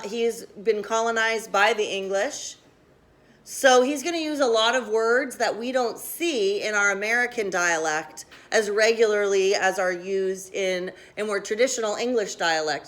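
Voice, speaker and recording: A woman teaching a class, brisk and directive, quizzing students with questions. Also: on the high side, a bit bright.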